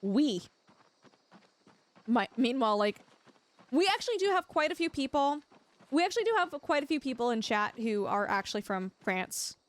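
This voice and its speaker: A young woman from Canada chats with her livestream viewers while she plays. Her voice sits high, and she talks in a bubbly, giggly way. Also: big pitch swings, normal speed, pauses often. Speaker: livestream gamer. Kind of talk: casual livestream chat.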